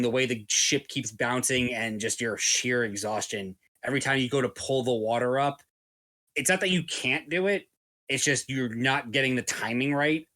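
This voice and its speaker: A man's voice: medium pitch, bright, forceful tone, no room sound. A man running a tabletop game as game master, describing scenes in a loose, descriptive way. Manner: descriptive, loose, filler-heavy.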